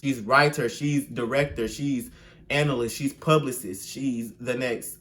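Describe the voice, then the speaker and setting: Young guy reading cringey fan fic out loud, slangy and dramatic, average pitch, keeps breaking into sing-song. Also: unhurried. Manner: slangy, animated, mock-outraged, bursts into sing-song. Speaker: video host. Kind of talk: comedic reading with commentary.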